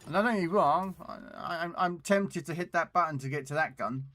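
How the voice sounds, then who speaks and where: A man's voice: on the high side, brisk, bright, forceful tone. A man streaming a tank game, chatting casually and rambling as he repeats words while thinking aloud, on a desktop condenser mic. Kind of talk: casual gameplay commentary.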